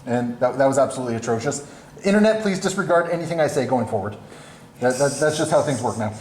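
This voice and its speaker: A man's voice: mid-range voice, lively intonation, fast. A man hosting a tabletop battle report, talking through his moves in a casual, self-deprecating way. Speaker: tabletop game player and channel host. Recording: echoey room with faint noise.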